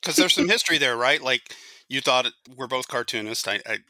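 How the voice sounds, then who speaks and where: A man's voice: mid-range voice, expressive, brisk, sharp tone. A man hosting a casual podcast chat, prompting his guests in a friendly, leading way.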